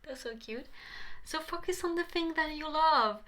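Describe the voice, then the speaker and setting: A woman's voice: high voice, normal speed, pushed and bright. A young adult woman giving a passionate tarot reading to camera, pleading and repeating herself eagerly. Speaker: tarot reader.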